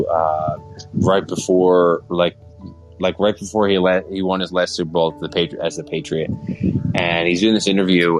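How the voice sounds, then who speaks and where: Earnest low-voiced man talking sports. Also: low-quality recording. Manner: earnest, rambling, emphatic. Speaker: podcast host. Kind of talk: casual sports chat.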